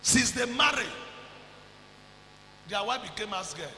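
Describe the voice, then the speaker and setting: A man with a Nigerian accent preaching a fervent sermon, breaking into shouts and slipping into pidgin. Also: very high voice, expressive, normal speed, long pauses, slight background noise. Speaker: pastor. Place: church. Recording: echoey church hall.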